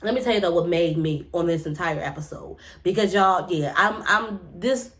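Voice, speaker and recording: A young woman, recapping a reality show in a casual, blunt, opinionated way, often jumping up in pitch as she rants. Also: moderate pace. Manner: animated, blunt and opinionated, often jumps up in pitch, swears freely. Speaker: TV recap vlogger.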